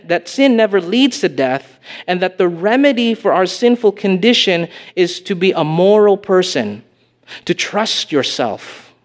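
A man preaching a sermon as pastor, earnest and emphatic, posing rhetorical questions to the congregation. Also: high-pitched.

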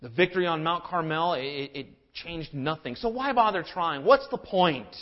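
A man's voice: on the high side, lively intonation, moderate pace, muffled recording, lightly acted. A man preacher voicing a despairing, self-righteous male prophet who whines and complains. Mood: whining. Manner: whining, exasperated.

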